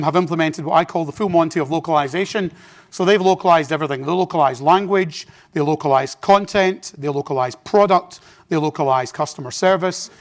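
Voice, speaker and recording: English guy in his 40s giving a conference talk, slightly high voice, chatty and jokey with the crowd. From Britain. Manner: chatty, self-deprecating, with asides to the audience. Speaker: conference speaker. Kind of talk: business presentation. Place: conference hall.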